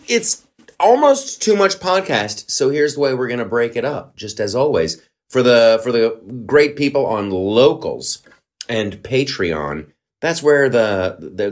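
A man hosting a comedy podcast in a rambling, joking monologue full of asides. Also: on the low side. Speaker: podcast host. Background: faint guitar.

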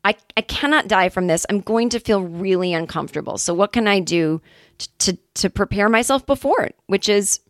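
A woman's voice: mid-range voice, a little fast, no room sound, clean studio sound. A woman hosting a comedy podcast, telling a rambling, self-deprecating story and speaking openly about her anxiety in a casual way.

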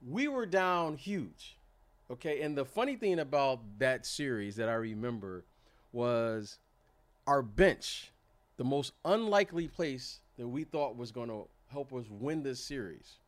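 A man's voice: medium pitch, measured pace, no echo. A man, a former basketball player telling stories from his career in a casual podcast chat. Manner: animated storyteller, repeats words, acts out quotes. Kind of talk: casual storytelling.

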